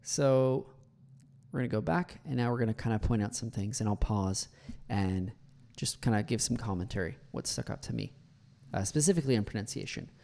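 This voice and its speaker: A man with a dark, gravelly voice gives pronunciation feedback as an English teacher. He talks in a relaxed, filler-heavy way and slows down to demonstrate words. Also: lowish voice. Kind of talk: pronunciation commentary over a video.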